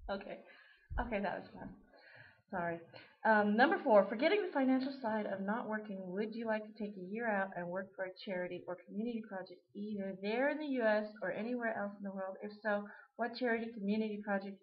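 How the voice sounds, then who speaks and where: A woman's voice: medium pitch, fast. A woman chatting casually to camera, rambling and giggling as she answers a question tag. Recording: dull lo-fi webcam audio.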